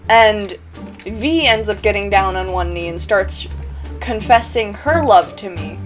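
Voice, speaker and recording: A woman's voice: mid-range voice, expressive, measured pace, soft background music. A woman telling a storytime vlog in a chatty, giggly way, laughing between phrases. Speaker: YouTuber.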